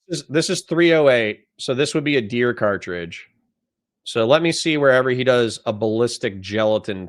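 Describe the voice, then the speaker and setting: A man hosting a livestream, reading out chat messages and answering them in a blunt, profane, conversational way. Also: medium pitch. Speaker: livestream host.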